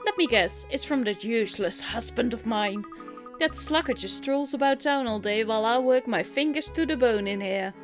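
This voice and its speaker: A woman's voice: a little high, moderate pace, over music, voice pushed down, natural voice. A woman voicing a fussy old lady who runs a pet shop in a video game, grandmotherly and scolding. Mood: grumbling.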